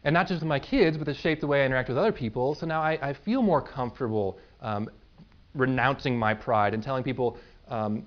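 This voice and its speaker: A man's voice: mid-range voice, quick pace. A man in his thirties, a pastor giving a sermon in an easy conversational way, often checking in with "right?" and "okay?". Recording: dull lo-fi recording.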